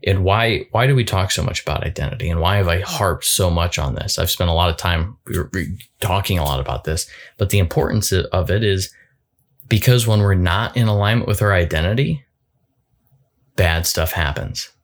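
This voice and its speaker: Deep-voiced guy coaching in a solo talk, thoughtful, stumbles and restarts a lot. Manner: thoughtful, halting, repeats words, light laughs.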